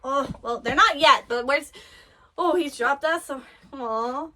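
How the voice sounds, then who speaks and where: A woman reacting to an anime episode in casual commentary, giggling often and gushing excitedly in broken-off fragments. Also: high-pitched, a little slow.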